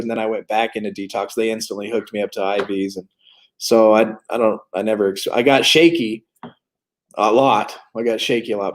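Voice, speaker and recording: A man in his forties hosting a recovery livestream, talking candidly and joking in casual chat. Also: lowish voice. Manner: candid, joking, plain-spoken.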